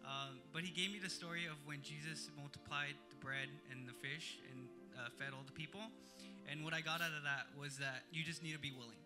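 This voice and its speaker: Young male team member, hesitant testimony, slightly higher voice, music bed. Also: steady tone, brisk. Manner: hesitant, many fillers. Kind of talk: sharing testimony.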